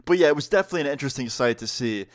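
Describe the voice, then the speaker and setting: Young guy vlogger, casual animated storytime, mid pitch. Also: rapid-fire. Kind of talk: storytime vlog.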